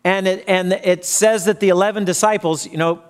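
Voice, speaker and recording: A man with a fairly high voice preaches a sermon in a church. He tells the story plainly and now and then acts out what the people in it say. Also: fairly even intonation, moderate pace. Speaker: pastor.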